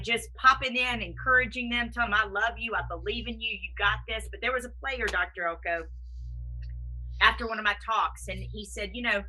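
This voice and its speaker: A woman's voice: mid-range voice, bright, forceful tone, rough recording. A woman hosting an interview podcast, talking in an effusive, encouraging way and asking her guest questions. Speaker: podcast host. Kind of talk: conversational interview.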